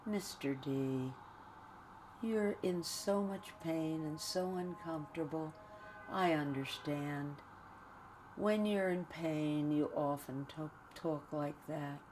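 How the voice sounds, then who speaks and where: A woman's voice: low voice, slight background noise. A woman voicing a patient nurse who soothes a man in pain. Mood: soothing. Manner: slow, soothing, quiet. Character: gentle, patient female nurse.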